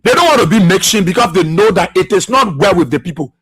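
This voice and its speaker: A man's voice: high-pitched, lively intonation, fast, a bit bright, husky, soft background music. A man hosting a political radio talk show, impassioned and repetitive, firing rhetorical questions and laughing often.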